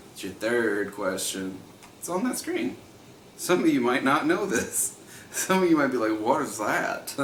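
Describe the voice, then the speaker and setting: A man's voice: mid-range voice, fairly bright tone, echoey room, a little hiss or hum. A man in his thirties hosting a livestream trivia night, chatty, laughing often and repeating each question.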